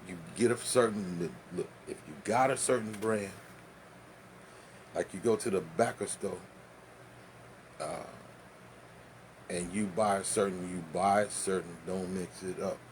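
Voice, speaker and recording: A man's voice: lowish voice, slight background noise. Laughing, cussing man. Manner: loose, laughing, profane storyteller. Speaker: vlogger. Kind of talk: casual storytelling and demonstration.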